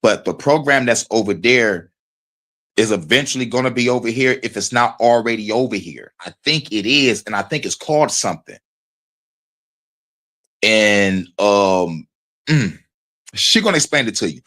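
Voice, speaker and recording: A man's voice: lowish voice, animated, normal speed, pauses often, a bit bright. A man hosting a stream, reacting to a video with heated, profane, rambling commentary.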